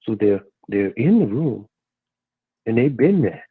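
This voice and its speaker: A man calling in to a radio talk show, speaking earnestly and haltingly, with many restarts. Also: mid-range voice, sing-song, breathy edge, no echo. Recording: tinny phone line.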